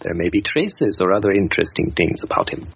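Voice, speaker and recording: A man's voice: low voice, very animated, brisk, creaky, dull audio, slight background noise, voice pushed down, full character voice. A man voicing an odd, well-travelled male dwarf mystic who speaks formally and a little pompously. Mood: explaining.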